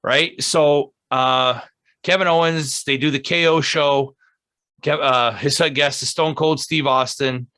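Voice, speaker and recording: Man, casual podcast co-host, agreeable rambling recaps, bright tone, dry sound. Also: medium pitch, steady tone, no room sound. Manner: agreeable, lots of quick yeahs, rambling recaps. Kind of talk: casual wrestling review chat.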